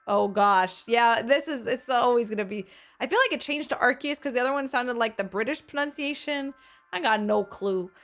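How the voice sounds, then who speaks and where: A woman's voice: high-pitched, a bit bright. A woman streamer chatting casually with her viewers, bubbly and effusive, reacting to chat as she tells stories. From Seattle area.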